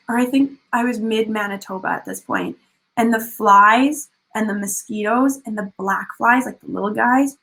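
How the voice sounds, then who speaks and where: A young woman from Canada telling a casual, animated story about her travels over photos, with many fillers and restarts. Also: on the high side, rough recording. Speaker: speaker sharing a personal journey.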